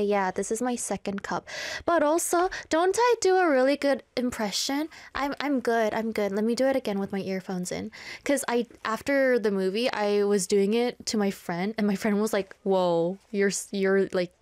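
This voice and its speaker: A woman's voice: fairly high pitch, moderate pace, no room sound. A woman hosting a radio show in a studio, chatting casually and playfully and reading listener messages with frequent giggles.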